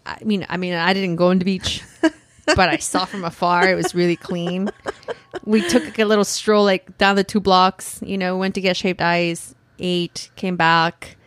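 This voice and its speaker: A woman in her thirties telling a story in casual podcast chat, animated and laughing, full of "like". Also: on the low side, normal speed, no echo. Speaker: podcast co-host.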